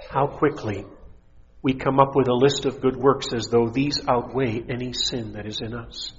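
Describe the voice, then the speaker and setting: A man's voice: medium pitch, fairly even intonation, moderate pace, in a large hall. A middle-aged man, a pastor, preaching a sermon with rising intensity and mocking voices. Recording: dull lo-fi recording.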